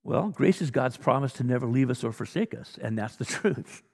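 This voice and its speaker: A male pastor delivers a sermon with a gravelly edge to his voice. He speaks bluntly and exhorts his listeners, firing rhetorical questions and plain challenges at them. His words ring with the long reverb of a church hall. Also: medium pitch, animated, normal speed, a little mellow.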